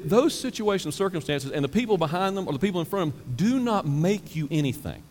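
A man preaching in a large sanctuary with a long, ringing reverb. His voice sits a little high and swings widely in pitch. He jumps between earnest teaching and playful, self-mocking asides. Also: quick pace, few pauses. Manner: animated, self-deprecating, acts out quoted excuses. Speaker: pastor. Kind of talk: sermon.

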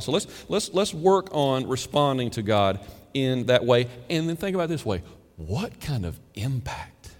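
Man, pastor, lively swinging pitch, slightly high voice, long church-hall reverb. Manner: animated, acts out quoted prayers and chatter. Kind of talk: sermon.

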